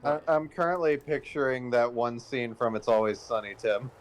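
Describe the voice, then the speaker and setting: A man's voice: medium pitch, moderate pace. A young man in casual chat with friends on a live stream, dropping in dry, wry remarks.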